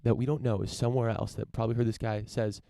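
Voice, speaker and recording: A man's voice: fairly low pitch, steady tone, fast talker, vocal fry, mellow, no room sound. A young man hosting his own podcast from his parents' home, talking in a loose, rambling, profane way with lots of fillers and restarts. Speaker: podcast host. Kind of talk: casual solo podcast monologue. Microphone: camera setup for a live stream.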